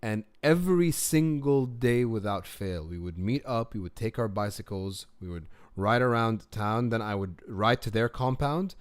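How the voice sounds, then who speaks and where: A man's voice: on the low side, normal speed, few pauses, smooth. Chatty man hosting a stream from home. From United Arab Emirates. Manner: rambling and chatty, thinks aloud, often laughs. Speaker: live stream host. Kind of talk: casual live chat, answering comments.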